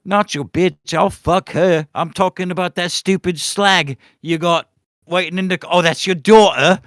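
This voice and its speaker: A man putting on a high, loud, boozy British pub brawler. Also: unhurried, dry recording, clean studio sound. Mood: drunken bravado. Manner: crude, boastful, aggressive.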